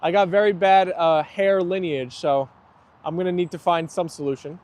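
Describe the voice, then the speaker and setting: A man's voice: high-pitched, steady tone, normal speed, a little mellow. A young man hosting a live stream outdoors, chatting easily and reading viewer comments aloud while his dogs play. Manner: chatty and easygoing, laughs often. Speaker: livestream host.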